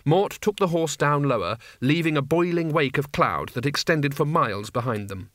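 A man narrating a fantasy novel in a measured, expressive reading. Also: a little high, no echo, studio quality. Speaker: audiobook narrator. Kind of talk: scripted narration.

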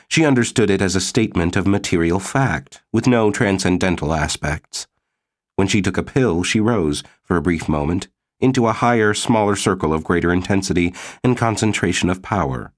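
A man narrating an audiobook in a steady, measured way. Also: deep voice, dry recording, clean studio sound. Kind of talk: scripted narration.

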